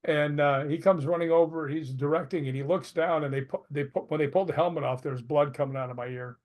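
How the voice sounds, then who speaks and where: An older man, a retired stuntman, appears as a guest in a relaxed interview, his voice a little high for a man. He talks fast, laughs easily, and tells stories animatedly while acting out what everyone said.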